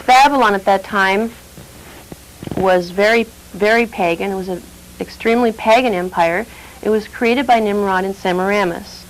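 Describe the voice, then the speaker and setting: A woman's voice: mid-range voice, slight background noise, low-quality recording. A woman teaching a religious lesson, retelling a Bible story with dramatic emphasis.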